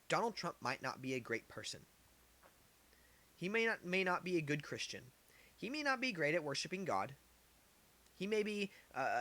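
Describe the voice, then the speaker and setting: A man's voice: on the high side, bright, forceful tone. A man giving opinionated political commentary, getting heated, firing off rhetorical questions and repeating his points. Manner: heated, gets worked up.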